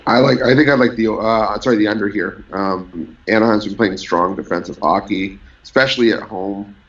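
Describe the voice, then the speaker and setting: A man giving measured, analytical betting picks in a casual sports chat. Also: fairly low pitch, dull audio. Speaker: sports handicapper.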